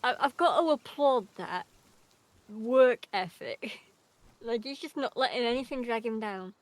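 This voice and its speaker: Sleepy woman gamer chatting soft and close into her mic, laughs a lot, kinda high voice. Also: expressive, a little slow, dry recording, low-quality recording. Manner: quiet, laughs often, speaks softly right into the mic. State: tired, low energy. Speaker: streamer. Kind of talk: casual gaming chat. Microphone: desk microphone at close range.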